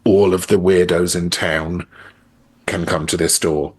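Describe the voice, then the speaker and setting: A man's voice: low-pitched, flat delivery, a little slow, slightly rough. A man speaking as an interview guest in a candid, reflective conversation with a wry edge. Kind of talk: casual conversation.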